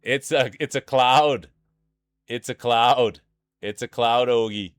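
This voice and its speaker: A man's voice: medium pitch, takes it slowly, clean tone, no room sound, studio quality, soft background music. A man from Saskatchewan with a thick Saskatchewan Canadian accent, giving playful, hype-man commentary on a live-streamed marble race.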